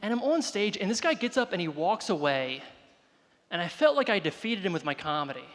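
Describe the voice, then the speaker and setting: A man doing a stand-up comedy set before a live audience, telling animated self-deprecating stories. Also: high-pitched, a little fast, a little hiss or hum. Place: live venue with audience, reverberant room. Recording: live venue with long reverb.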